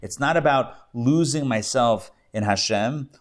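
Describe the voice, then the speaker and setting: A man's voice: medium pitch, unhurried. A rabbi, a man, teaching a live class to a group and telling a story with playful asides and jokes. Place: classroom with audience.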